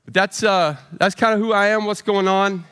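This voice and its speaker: A man in his forties, a pastor preaching a storytelling sermon with self-deprecating humor and animated voices for quotes. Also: sits high, normal speed, clear, resonant tone, in a large hall. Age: 40s.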